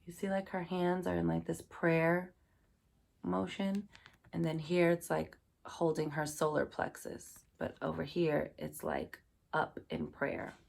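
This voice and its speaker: A woman with a low, deeply gravelly voice walks her viewers through a tarot spread in a loose, chatty way. Her talk drifts and circles, peppered with "like" and warm asides to her listeners. A faint hiss sits under the recording. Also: little pitch movement, a little slow. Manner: chatty, loose, filled with "like" and "you know", addresses listeners fondly. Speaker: tarot card reader. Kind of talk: casual tarot reading to viewers.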